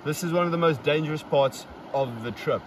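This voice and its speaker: A man's voice: fairly high pitch, fairly quick. A young man hosting a casual podcast outdoors, recapping a river trip in an upbeat, playfully boastful way. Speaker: podcast host. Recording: distant mic, outdoor traffic noise.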